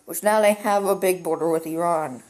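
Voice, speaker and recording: A man's voice: sits high, moderate pace. A male gamer at home giving casual commentary on a strategy map game, rambling and easily sidetracked, with lots of "like.". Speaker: gaming commentator.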